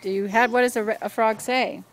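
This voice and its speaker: A woman's voice: on the high side, steady tone, normal speed. An older woman, a grandmother, playfully encouraging children and laughing often, recorded outdoors on a home video camera.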